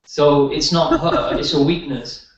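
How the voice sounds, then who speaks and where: A man appearing as a guest healer tells rambling stories in casual conversation, restarting his sentences often. His voice is fairly high with a level tone, and he doesn't hurry. The sound is roomy and dull, picked up from far away.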